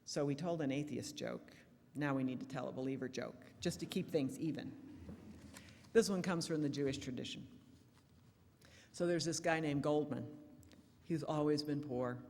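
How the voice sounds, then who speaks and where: A woman's voice: low-pitched, normal speed, long pauses, slight background noise. Woman minister preaching in a reverberant church. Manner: warm storytelling, lively shifts in loudness. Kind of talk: sermon with jokes. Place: church sanctuary.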